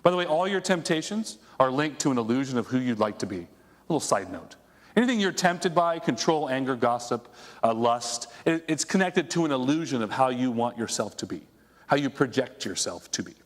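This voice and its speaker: A man's voice: mid-range voice, expressive, fairly quick, in a large hall. A man preaching a conversational sermon as a pastor, asking his congregation rhetorical questions. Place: church sanctuary.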